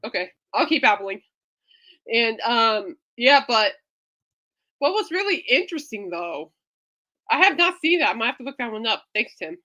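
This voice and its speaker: A woman hosting a casual talk podcast. She rambles through stories, full of fillers, and acts out her own reactions for effect. Her fairly high voice swings up and down a lot, animated and expressive throughout. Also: moderate pace, pauses often. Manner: dramatic re-enactment of own reactions. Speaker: podcast host. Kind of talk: casual rambling livestream chat.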